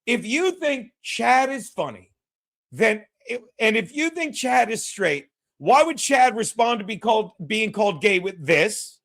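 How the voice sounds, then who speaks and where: High-voiced man ranting profanely. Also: big pitch swings, unhurried, a bit bright. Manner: profane, ranting, acts out quotes. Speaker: podcast host. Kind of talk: casual storytelling chat.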